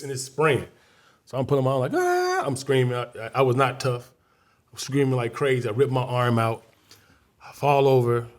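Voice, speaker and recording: A man's voice: medium pitch, level tone, fairly quick. A man from Chicago, a guest comedian, telling a story in a casual interview, acting out scenes and voices vividly.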